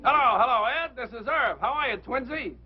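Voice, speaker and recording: A man's voice: extremely high pitch, animated, fairly quick, a little hiss or hum. An actor playing a brash man, heard over a telephone line. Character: brash American male agent, fast-talking.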